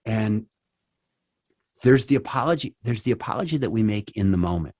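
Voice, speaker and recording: A man's voice: fairly low pitch, expressive, normal speed, a little mellow, no room sound. A middle-aged man speaking at a church, acting out quoted apologies with many restarts. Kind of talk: conversational church talk.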